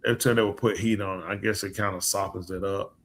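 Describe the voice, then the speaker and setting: A man with a low, bright and forceful voice, chatting as the host of a live talk show. He is a preacher who spins stories with energy and slips into the voices of the people in them. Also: fast talker. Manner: lively storyteller who acts out quoted voices. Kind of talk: casual storytelling chat.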